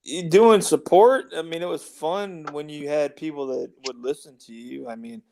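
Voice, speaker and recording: A man's voice: a little high, moderate pace, vocal fry, darkish tone. A man from the United States hosting a casual podcast chat, rambling and laughing often. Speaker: show host.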